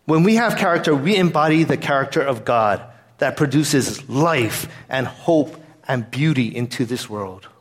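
A man's voice: mid-range voice, animated, normal speed, breathy edge. A man pastor giving a sermon in an earnest, conversational way, weaving in a personal story.

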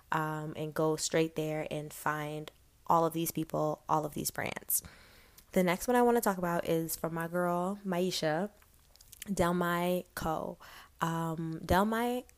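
A young woman vlogging in a chatty, enthusiastic way, full of fillers as she recommends small businesses. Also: on the low side. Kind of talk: casual chat to camera.

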